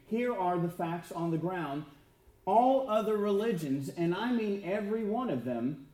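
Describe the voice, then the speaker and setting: A man preaching a sermon in an emphatic way, asking rhetorical questions and dropping to quiet lines for effect. His voice sits a bit high and sounds mellow, with a roomy echo around it. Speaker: pastor.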